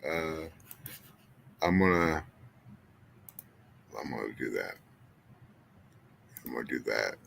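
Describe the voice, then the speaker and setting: A man rambles through a casual livestream chat, swearing freely and addressing his viewers directly. His pitch jumps around a lot, and he takes his time. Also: slow, vocal fry, long pauses, a little hiss or hum. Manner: rambling, profane and animated, talking to chat.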